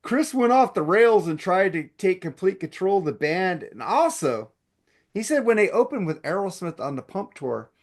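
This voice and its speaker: A man hosting a podcast, telling a long story in a casual, animated way and swearing a lot. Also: on the high side. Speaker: podcast host.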